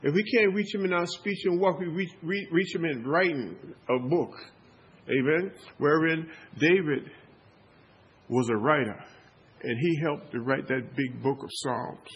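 A man's voice: a little high, measured pace, fairly bright tone, slightly rough, muffled recording. A pastor preaching a sermon with call-and-response, repeating and restarting his words as he builds up.

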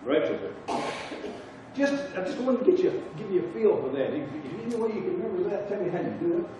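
A man with a Southern US accent teaching a Bible class, halting and repeating himself as he quizzes the group. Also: sits high, big pitch swings, background noise. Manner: halting, repeats words, asks the class questions. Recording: echoey room from far off, dull sound.

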